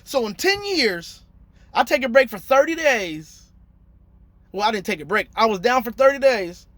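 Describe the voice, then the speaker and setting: A man's voice: extremely high pitch, big pitch swings, moderate pace, a bit bright, no echo. A man in his thirties, a truck driver telling a story in a casual, slangy vlog and acting out his phone calls.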